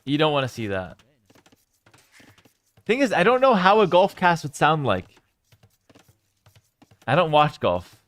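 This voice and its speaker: A young man casting a strategy game live and chatting with his viewers, with sudden bursts of excitement. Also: fairly high pitch, unhurried, pauses often, no echo. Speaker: game streamer and caster. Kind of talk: live game commentary with chat.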